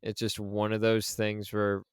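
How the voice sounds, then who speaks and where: A man co-hosting a podcast, talking through a film in a loose, casual way. He speaks slowly, with a low-leaning and very clear voice. He drops swear words freely, and the sound is dry and close. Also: dry recording. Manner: relaxed, swears freely, acts out quoted lines. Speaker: podcast co-host.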